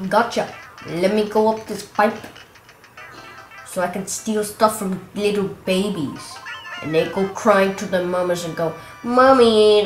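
A woman with a cough giving rambling, chatty commentary on a game walkthrough, exclaiming at the action. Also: mid-range voice. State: coughing and clearing throat. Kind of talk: casual gameplay commentary. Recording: roomy with game music behind.

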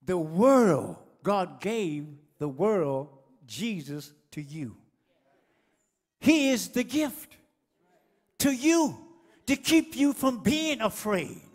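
A man preaching a fiery sermon to his congregation as pastor, rising to shouts at the peaks of his phrases. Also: sits high, big pitch swings, very slow, long pauses. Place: church sanctuary. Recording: echoey church hall.

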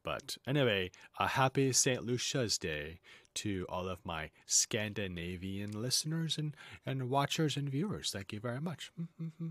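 Man host for a casual lesson: low, lively pitch, jokey asides, dry close sound. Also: a little slow, no room sound. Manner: chatty, jokey asides, wanders off script. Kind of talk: casual lesson, reading aloud.

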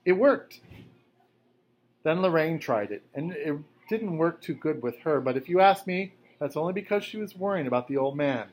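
A man's voice: a little high, lively intonation, brisk, few pauses, a little hiss or hum. A man, a teacher, reading a novel aloud to his class in a casual, conversational voice. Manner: casual, conversational first-person narration.

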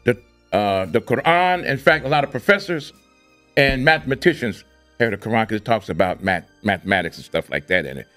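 A man's voice: on the low side, lively intonation, a little fast, fairly bright tone, soft background music. A man hosting a casual podcast discussion, talking emphatically and often repeating and restarting his phrases. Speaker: podcast host.

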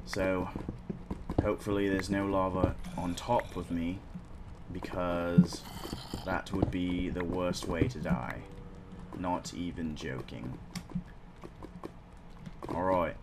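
Low, slow man doing gameplay commentary. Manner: excitable, swears casually, talks to himself. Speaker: let's play host. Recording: clear background noise.

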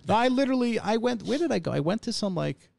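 A man hosting a podcast, chatting casually in an excitable, slangy way and often jumping in. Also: sits high, fast, gravelly, no room sound. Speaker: podcast host.

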